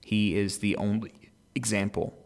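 A man hosting a daily scripture reading, reading aloud and then reflecting in a calm, conversational way. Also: on the low side, moderate pace, vocal fry. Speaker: podcast host reading scripture.

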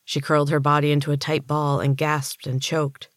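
A woman author and podcast host reading her own story aloud in a steady, measured narration. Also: deep voice, no echo, clean studio sound. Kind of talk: audiobook-style story reading.

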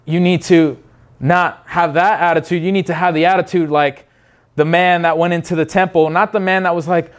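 A man's voice: high-pitched, fairly even intonation, brisk. A man preaching a sermon in an earnest, unscripted way, often restarting his phrases. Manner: earnest, many restarts, acts out quoted voices.

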